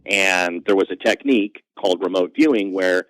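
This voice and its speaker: A man with a fairly low voice, recorded close and dry with almost no room sound. He tells self-mocking stories as a podcast guest, jumping up in pitch when the punchline lands. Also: no echo, rough recording. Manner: animated, self-mocking anecdotes with quick pitch jumps. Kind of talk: conversational storytelling.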